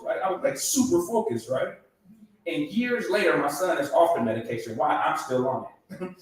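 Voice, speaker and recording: A man's voice: sits high, very animated, unhurried, fairly bright tone, heavy reverb, recorded from a distance, low-quality recording. A middle-aged man performing a stand-up comedy set, acting out voices and laughing at his own jokes.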